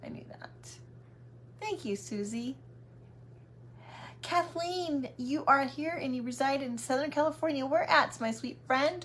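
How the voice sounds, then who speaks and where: A woman's voice: sits high, a little hiss or hum. A woman hosting a craft livestream, chatting in a casual, affectionate and welcoming way. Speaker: craft channel host.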